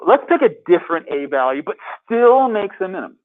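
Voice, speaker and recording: A man's voice: sits high, sing-song, a little fast. A man teaching a math class in a classroom, upbeat and quizzing his students as he works problems. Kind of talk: classroom lecture. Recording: tinny phone-like lecture capture.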